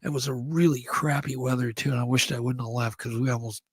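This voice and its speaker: A man, a guest on a show, telling a story in a casual, animated way and acting out the sounds. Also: mid-range voice, fast talker, husky, no echo. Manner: animated, acts out sounds and quotes.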